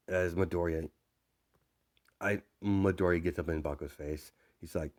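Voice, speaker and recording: Deep-voiced man rambling through a story. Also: steady tone, moderate pace. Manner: rambling, full of fillers and asides. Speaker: fan fiction storyteller. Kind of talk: improvised story narration.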